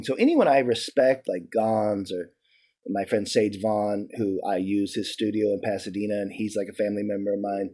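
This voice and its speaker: Swearing, animated man telling stories. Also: lowish voice, moderate pace. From New York. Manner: profane, animated, many restarts and "like". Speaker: interview guest. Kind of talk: casual storytelling.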